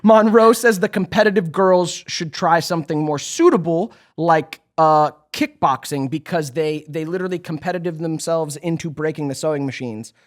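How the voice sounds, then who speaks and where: A man's voice: a little high, normal speed, few pauses. A man co-hosting a podcast, recapping episodes in a loose, chatty way with lots of fillers and laughs. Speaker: podcast co-host. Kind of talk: casual rewatch recap chat.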